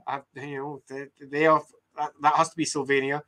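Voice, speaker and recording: Bright-voiced chatty Scottish man. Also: on the high side, little pitch movement, moderate pace. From Scotland. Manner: chatty and self-deprecating, laughs often. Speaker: game writer and streamer. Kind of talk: casual talk while mapping, reading viewer comments.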